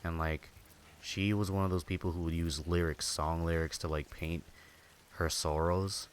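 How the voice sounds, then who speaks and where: Deep-voiced man venting on stream. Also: level tone, normal speed, slight background noise. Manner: rambling, heavy filler words, swearing; venting, bitter. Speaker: game streamer. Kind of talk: casual chat while gaming.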